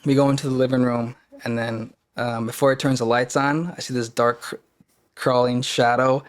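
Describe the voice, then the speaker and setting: A man with a voice of middle pitch tells a personal story as a guest on a podcast. His delivery is casual and earnest. He often halts, backs up and restarts his sentences as he works through what he wants to say. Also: level tone. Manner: halting, many fillers and restarts, earnest.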